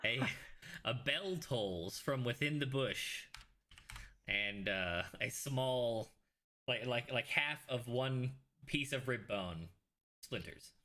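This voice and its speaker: A man's voice: mid-range voice, expressive, takes it slowly, pushed and bright. A man running a tabletop game as game master, narrating casually with fillers and restarts.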